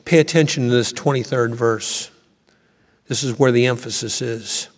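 A male pastor preaches a sermon in a church, his mid-pitched voice carrying through a long reverberant hall. He reads scripture aloud and builds emphasis on key lines. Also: moderate pace. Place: church sanctuary.

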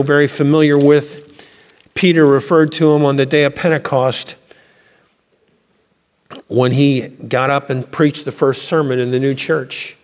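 A male pastor preaches a sermon in a church, his mid-pitched voice carrying through a long reverberant hall. He reads scripture aloud and builds emphasis on key lines. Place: church sanctuary.

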